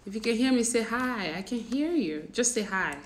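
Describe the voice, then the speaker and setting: Laughing often and slipping into pidgin, a Nigerian-accented woman chats casually with her livestream audience. She speaks at a normal speed in a fairly high, expressive voice.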